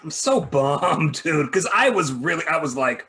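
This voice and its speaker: A man co-hosts a casual podcast with a playful, jokey manner. His voice rises and falls in lively swings, and he takes his time over the words. He teases the others and tosses questions to the viewers. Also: a little high, unhurried. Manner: playful, jokey, animated delivery. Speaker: podcast co-host. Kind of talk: casual live-stream chat.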